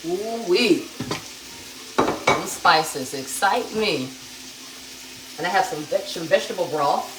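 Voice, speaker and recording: A woman hosting a live cooking demonstration, calm and chatty as she talks straight to her viewers. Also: on the low side, slow pace, long pauses. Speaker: cooking show host. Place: home kitchen. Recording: echoey kitchen with sizzling pan noise. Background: frying and sizzling from the pan.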